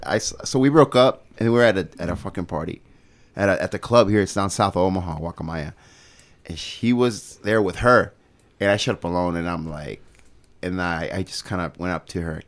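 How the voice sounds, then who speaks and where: A man's voice: deep voice, fairly quick. A man in his thirties telling a crude story among friends on a podcast, laughing as he goes.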